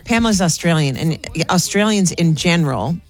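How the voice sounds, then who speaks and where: A woman guest in a radio studio telling an animated comic story, mimicking rising upspeak. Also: lowish voice, moderate pace, soft background music. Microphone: studio microphone.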